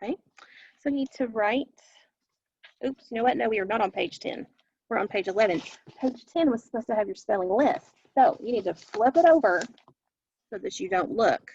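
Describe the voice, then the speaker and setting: A woman's voice: fairly high pitch, expressive, brisk, pauses often, a little mellow, slightly rough, muffled recording. A woman teacher leading a recorded phonics lesson for children, patiently repeating each word for them to echo.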